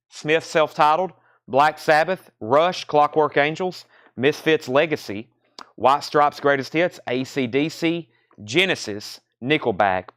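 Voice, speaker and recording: A man hosting a live record sale, quickly calling out prices and reading buyer comments, a little out of breath. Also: on the high side, a bit bright, no room sound, clean studio sound. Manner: fast, running price calls and reading comments. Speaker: record store host selling live. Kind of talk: live sales stream chat.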